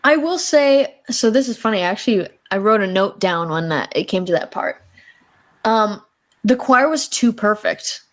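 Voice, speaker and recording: Chatty, animated woman guest. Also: medium pitch, normal speed. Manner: animated, chatty, uses lots of fillers. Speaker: guest, works with choirs. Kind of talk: casual conversation.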